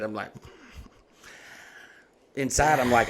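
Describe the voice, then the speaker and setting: A man's voice: medium pitch, fast talker, creaky. A man in his thirties, hosting a podcast, telling a story casually with lots of swearing and acted-out quotes. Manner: profane, animated retelling with put-on quotes. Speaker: podcast host.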